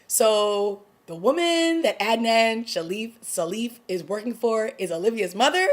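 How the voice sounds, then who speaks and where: Excited woman recapping a TV episode. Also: a little high, moderate pace. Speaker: TV review vlogger. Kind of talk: casual chat.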